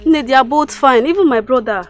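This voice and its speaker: A woman's voice: sits high, fairly quick, soft background music, close to an everyday voice. A woman playing a dutiful young village woman. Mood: reassuring. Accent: Nigerian. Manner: respectful, reassuring.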